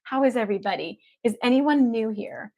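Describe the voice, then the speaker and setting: A woman's voice: a little high, fairly quick, darkish tone. Effusive woman hosting a livestream. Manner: effusive and upbeat, repeats affection to the audience. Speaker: evidential medium hosting a livestream. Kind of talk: casual livestream chat to viewers.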